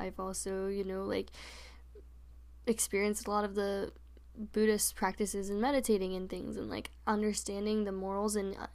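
A young woman co-hosting a podcast, telling personal stories in a candid, animated casual chat full of fillers. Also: medium pitch. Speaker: podcast co-host.

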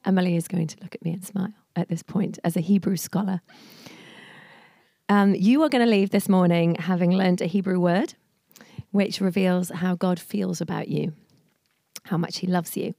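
A woman in her forties giving an informal, storytelling sermon at a church service. She talks in a chatty way, laughing often and filling pauses with plenty of ums. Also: lowish voice, fairly even intonation, gravelly, warm tone, no echo, clean studio sound. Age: 40s. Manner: chatty, laughing, many fillers. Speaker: church speaker.

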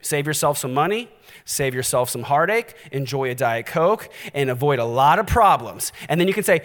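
A male pastor preaching a sermon, animated and direct, challenging his listeners. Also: on the high side, moderate pace, long reverb tail.

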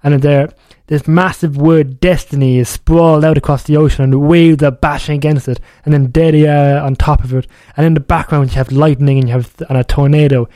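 Mellow-voiced radio DJ, rambling. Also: male voice, on the high side, fairly even intonation, a little fast, hardly any pauses, no echo. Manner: rambling, self-correcting, chatty. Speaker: radio DJ host. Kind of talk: casual music show chat.

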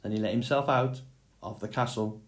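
A man reading a fairy tale aloud in a slow, measured storytelling manner. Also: lowish voice, fairly even intonation. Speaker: storybook reader. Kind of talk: scripted fairy tale narration.

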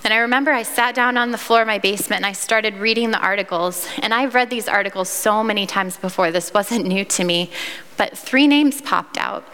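Bright-voiced woman telling her own story. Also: mid-range voice, a little fast, in a large hall. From Iowa, United States. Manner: earnest, candid storytelling with fillers and restarts. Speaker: speaker sharing a personal testimony. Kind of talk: personal testimony.

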